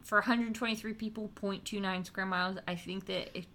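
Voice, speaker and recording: A chatty woman co-hosting a relaxed podcast, with a bright, clear voice. She talks in a teasing way and laughs easily while she sets up a story. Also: medium pitch, fairly quick. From West Virginia, USA. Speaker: podcast co-host. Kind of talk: casual podcast chat, storytelling.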